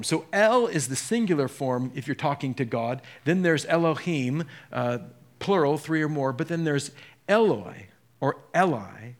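An earnest male pastor from Southern California delivers a sermon at a mid-range pitch. He talks the listeners through scripture and swells to impassioned peaks.

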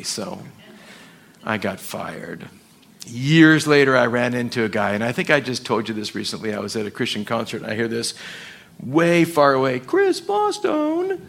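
A man preaching a sermon to his church, animated and quick to act out voices and quotes. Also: medium pitch, creaky, slightly rough. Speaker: pastor.

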